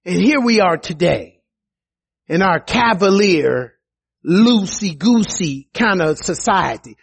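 A man delivers a sermon with a high, lively voice that swings up and down for emphasis. He talks at an unhurried pace with a slightly husky edge, and turns to his listeners with casual asides. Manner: animated, rises high for emphasis and quoted voices; conversational, with restarts and asides to the congregation. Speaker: preacher.

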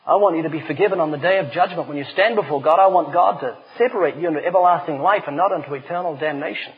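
A man's voice: on the high side, fast. A middle-aged man preaching a sermon, telling stories with humor and emphatic delivery. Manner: animated storyteller, emphatic. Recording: dull lo-fi recording.

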